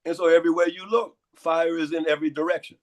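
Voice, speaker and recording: A hoarse, congested man giving lecturing interview answers and firing off repeated rhetorical questions. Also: on the high side, flat delivery, fast. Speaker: guest.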